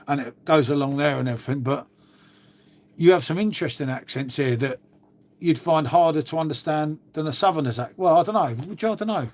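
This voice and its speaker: A man, a livestream host rambling casually and answering his viewers, calling everyone mate. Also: fairly high pitch. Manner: rambling and chatty, calls people mate.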